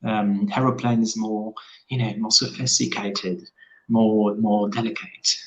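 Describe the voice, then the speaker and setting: A man's voice: fairly low pitch, steady tone, a little slow, fairly bright tone, highs cut off. A young man from Portugal, chatting casually in English with a playful, joking manner. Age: young adult. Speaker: conversation partner.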